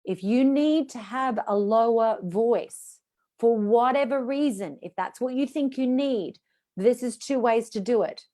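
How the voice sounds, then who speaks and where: A woman's voice: a little high, unhurried, mellow. Chatty woman voice coach teaching exercises. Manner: instructive, demonstrating vocal exercises; chatty and encouraging. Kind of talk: live online voice workshop.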